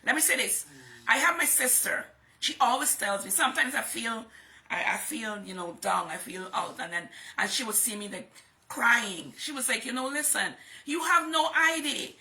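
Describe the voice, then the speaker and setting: A woman's voice: mid-range voice, moderate pace, sharp tone. A woman hosting a livestream, giving an emphatic motivational talk and repeating phrases for stress. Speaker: host and motivational speaker.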